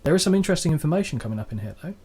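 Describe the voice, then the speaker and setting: A man's voice: a little high, sing-song, racing, a little mellow. Male co-host, light voice, loose, sweary, jokey banter. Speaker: podcast co-host. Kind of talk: casual chat.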